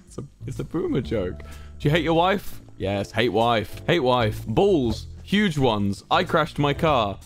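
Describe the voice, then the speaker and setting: A young man hosts a game stream in a playful, mock-commanding way, reading out players' jokes as he goes. His pitch swings widely as he talks. Soft music plays faintly behind him. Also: sing-song, a little slow. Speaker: streamer hosting a game event. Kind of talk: live-streamed game commentary.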